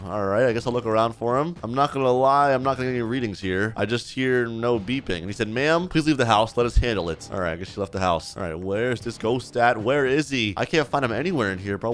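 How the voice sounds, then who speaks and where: A young man commentating his role-play gameplay, getting excited and reading out other players' lines in his own voice. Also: mid-range voice, a little hiss or hum. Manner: says "bro" and "I'm not gonna lie" often. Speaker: gaming YouTuber.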